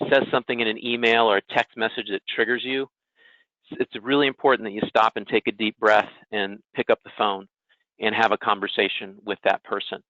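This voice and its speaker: Man, webinar presenter, low voice, casual conversational delivery, tinny phone-like sound, dry. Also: pushed and bright, dry recording. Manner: casual, asks listeners "right?".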